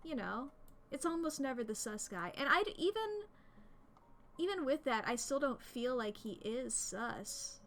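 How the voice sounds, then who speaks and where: A woman's voice: high voice, big pitch swings, a little slow, a bit bright, a little hiss or hum. A woman streaming a game, chatting to her viewers in a rambling, giggly way, close to a desk microphone. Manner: rambling, giggly, talks to chat. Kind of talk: casual gaming stream commentary.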